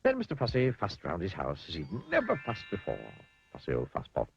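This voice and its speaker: A man reading a children's storybook aloud in an expressive, playful way, sometimes speaking to the listener. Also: low voice, fairly quick, vocal fry, lo-fi sound, soft background music.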